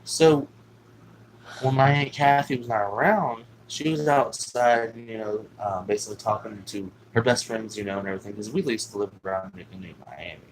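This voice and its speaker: A man's voice: lowish voice, steady tone, moderate pace, a little hiss or hum, poor audio. A man telling a personal story in a casual, rambling way, swearing often and filling gaps with "you know what I'm saying.". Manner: rambling, profane, with many fillers.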